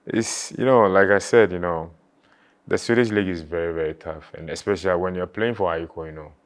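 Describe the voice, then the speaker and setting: Man, very low voice, flat delivery, halting, emotional. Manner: halting, repeats words, frequent "you know". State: emotional, near tears at times. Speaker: former footballer reminiscing. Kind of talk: emotional interview reflection.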